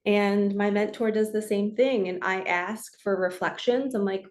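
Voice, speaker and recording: A woman's voice: mid-range voice, steady tone, unhurried, darkish tone. A woman in her forties, a spiritual coach and reader, talking casually to camera in an earnest, chatty way that is broken up by frequent laughs. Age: 40s. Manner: chatty and earnest, laughs often, slips into quoted voices.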